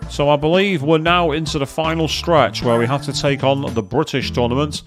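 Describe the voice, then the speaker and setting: A man chatting excitedly as he commentates his own racing game play, thinking aloud to viewers. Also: on the high side, fairly quick. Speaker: gaming streamer. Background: game music and engine sounds.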